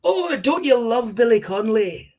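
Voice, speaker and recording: A man's voice: very high-pitched, big pitch swings, moderate pace, darkish tone, pitched above the performer's own voice, heavily acted. A man doing an impression of a famous older Scottish comedian, telling rambling, sweary anecdotes in a Scottish accent. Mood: storytelling. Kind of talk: stand-up impression, storytelling.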